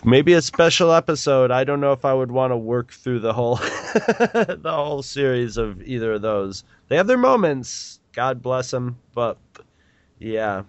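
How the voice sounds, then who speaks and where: A man's voice: medium pitch, big pitch swings, measured pace, dry recording, highs cut off. A man in his forties co-hosting a podcast, chatting casually and rambling with restarts. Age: 40s. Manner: rambling, with many restarts and laughs. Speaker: podcast co-host. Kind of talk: casual chat.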